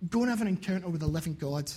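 A man's voice: fairly high pitch, expressive, very fast, mellow, husky. A man preaching a sermon, earnest and repeating phrases for emphasis.

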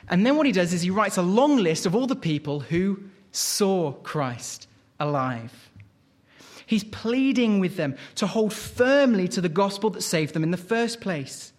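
Male preacher, sermon delivery, slightly high-pitched, expressive, asks rhetorical questions. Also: normal speed. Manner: expressive, rhetorical questions, reads scripture aloud.

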